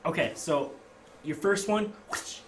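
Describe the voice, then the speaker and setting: A man's voice: on the high side, a little slow. A man narrating as game master of a tabletop game, casual and hesitant with fillers. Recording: noisy home recording.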